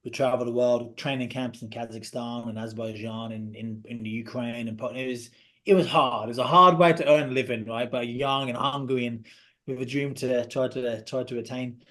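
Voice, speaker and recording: A man, a podcast guest telling a personal story in an earnest, halting way that often drops to a quiet voice. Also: medium pitch, fairly even intonation. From Britain.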